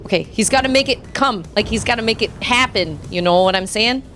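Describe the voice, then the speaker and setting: A woman's voice: fairly high pitch, animated, brisk, fairly bright tone, soft background music. A woman streaming a video game, commenting live and often exclaiming and squealing as she plays.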